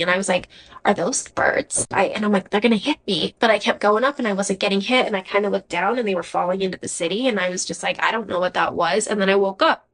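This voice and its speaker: A woman's voice: fairly high pitch, fairly bright tone, rough recording. A young adult woman, a podcast guest, giving a personal faith testimony in an earnest, emotional, conversational way with frequent "like" fillers.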